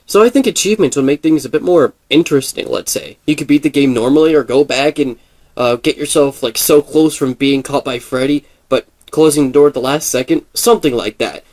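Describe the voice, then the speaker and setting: A man's voice: fairly high pitch, a little fast, a little mellow. A man in casual gaming commentary, rambling and thinking aloud with many fillers and restarts. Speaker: gaming video creator.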